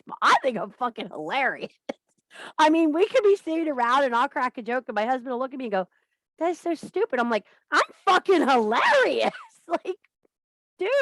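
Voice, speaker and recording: Her pitch sits fairly high and the recording has no echo. As host of a witchcraft and wellness group, she gives a casual spiritual coaching talk full of bawdy humor, free swearing, and laughter at her own jokes.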